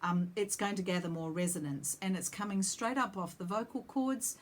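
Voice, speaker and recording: A woman's voice: mid-range voice, normal speed. A woman singing teacher explaining vowel shapes, breaking off to sing short demonstration vowels. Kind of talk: vocal lesson with sung demonstrations.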